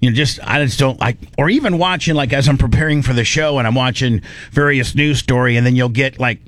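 Man, podcast host, rambling casual chat, dry close sound, mid-pitched voice. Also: a little fast, a bit bright, dry recording. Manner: rambling, loose and irreverent.

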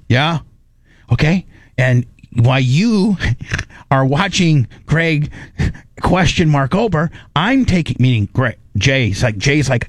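A man in casual conversation, telling a lively story and acting out what others said. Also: on the high side, slow, no echo, studio quality. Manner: animated, acts out quotes of others. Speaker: guest recounting a trial.

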